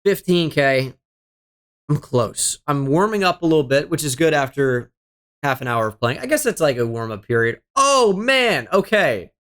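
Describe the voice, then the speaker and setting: With a clear, resonant voice at moderate pace, this young streamer talks expressively over his gameplay at a normal middle pitch. He half-mutters his guesses, curses frequently, and sounds fed up and self-deprecating about his own errors.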